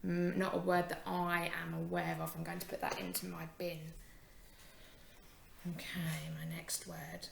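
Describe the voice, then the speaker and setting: A young woman teacher giving a phonics lesson to young children, encouraging and sounding out words slowly. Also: on the low side, little pitch movement, creaky, echoey room, a little hiss or hum.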